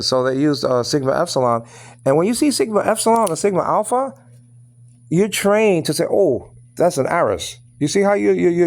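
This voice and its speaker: A man teaching Greek grammar in a casual, halting way, often checking that his listener understands. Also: a little high, a little mellow. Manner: repeats "you understand what I'm saying?"; halting, many fillers and restarts. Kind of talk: informal lesson.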